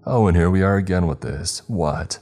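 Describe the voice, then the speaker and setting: A cruel, condescending unseen spirit taunts with a sneer, as a male narrator puts him on. His voice sits extremely low and dark, mocking at every turn. Soft music plays underneath. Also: moderate pace.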